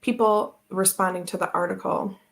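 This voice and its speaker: Chatty gravelly-voiced woman vlogger. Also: medium pitch, steady tone, normal speed. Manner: chatty, rambling, laughs often. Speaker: tarot channel host. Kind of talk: casual live-stream chat.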